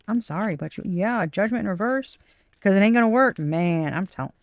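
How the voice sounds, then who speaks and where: Gravelly, blunt, profane tarot reader woman. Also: mid-range voice, animated, a little fast, no echo. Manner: blunt and profane, frustrated asides. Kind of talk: casual tarot reading.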